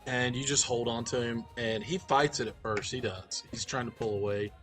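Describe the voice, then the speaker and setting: A man's voice: mid-range voice, fairly even intonation, moderate pace, a bit bright. Guy running a tabletop game, laid back, lots of ums, faint music behind. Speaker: game master.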